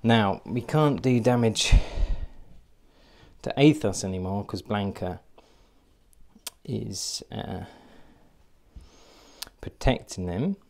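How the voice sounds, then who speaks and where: Slow, gravelly man thinking aloud. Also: lowish voice, darkish tone. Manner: thinking aloud, hesitant with fillers. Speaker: board game player. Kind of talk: solo board game playthrough narration.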